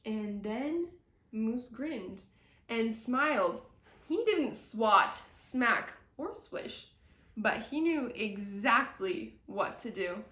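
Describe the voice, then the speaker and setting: A woman reading a children's picture book aloud in an expressive storytelling manner, with a few small slips. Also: on the high side, drawn-out words. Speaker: storybook reader. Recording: echoey room.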